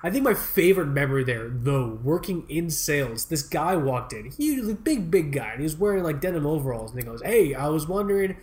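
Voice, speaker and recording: Animated, swearing young man telling stories. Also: a little high, fairly quick, few pauses. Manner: animated storyteller, swears, laughs often, acts out quotes. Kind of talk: casual podcast chat.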